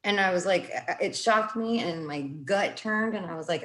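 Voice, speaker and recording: A woman's voice: medium pitch, normal speed, fairly bright tone. A woman in casual conversation, rambling and self-interrupting as she talks through her views and quotes her own past reactions. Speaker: guest.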